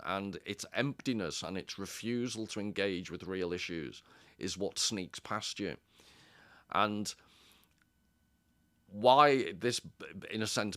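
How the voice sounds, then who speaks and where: A man's voice: fairly low pitch, a bit bright, dry recording. A man giving a casual commentary as a video essayist, digressive and wry, often interrupting himself.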